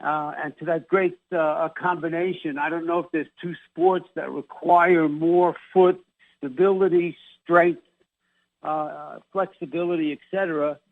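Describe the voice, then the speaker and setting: New York male radio host, chatty and rambling, higher voice, narrow phone-band audio. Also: fairly even intonation, unhurried, dry recording. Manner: rambling, restarts phrases often. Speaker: radio show host, sports doctor. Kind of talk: casual radio interview chat.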